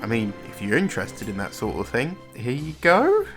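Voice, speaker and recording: A man from Britain narrates a cartoon review in casual, wry commentary. He laughs at what he describes. His voice sits at a middle pitch, with faint music running underneath. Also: huge pitch swings, normal speed. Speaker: host narrating a show review.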